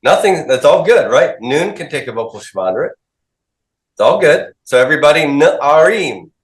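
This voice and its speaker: With a fairly high, sing-song voice at moderate speed, a man asks his class questions, drills them and repeats their answers. This call-and-response lecture comes from an echoey classroom.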